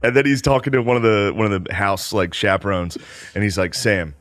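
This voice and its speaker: A man's voice: on the low side, a little fast, fairly bright tone, no room sound, clean studio sound. A man in a casual podcast chat, animatedly telling a story and acting out quotes, laughing often.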